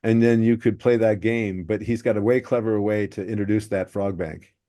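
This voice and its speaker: A man's voice: lowish voice, fairly even intonation, brisk, warm tone, no room sound, clean studio sound. A man hosting a podcast, breaking down how jokes are built. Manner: analytical, explaining joke structure. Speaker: podcast host. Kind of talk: podcast discussion.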